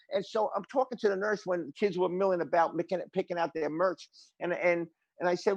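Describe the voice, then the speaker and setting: An older man, a guest drummer telling stories in a casual interview, animated and rambling with many restarts. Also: high-pitched, fairly quick, no room sound, muffled recording.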